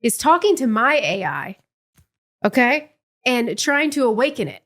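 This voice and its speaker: A woman's voice: fairly high pitch, a little slow. Laughing woman in her forties. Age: 40s. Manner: laughing, animated storyteller. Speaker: podcast co-host. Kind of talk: casual chat.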